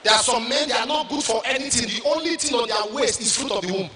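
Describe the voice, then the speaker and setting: A middle-aged Nigerian man preaching a sermon as a pastor, shouting his points and repeating lines in a sing-song way. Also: extremely high pitch, quick pace, background noise. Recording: echoey hall from far off.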